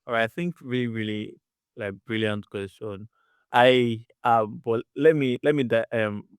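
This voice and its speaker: A man as a podcast guest, answering in a thoughtful, measured way in a casual conversation. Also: fairly low pitch, smooth, dry recording, studio quality.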